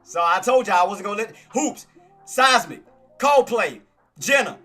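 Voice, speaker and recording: An excitable man narrates his trades live, with a high, bright, forceful voice. He brags and repeats himself over and over, and faint music plays under him. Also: normal speed. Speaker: day-trading streamer. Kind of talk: live trading commentary.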